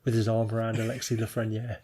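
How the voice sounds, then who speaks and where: British male podcast co-host, gravelly, husky, wry and sweary. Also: on the low side, monotone, quick pace, mellow. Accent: British English. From Britain. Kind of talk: casual chat.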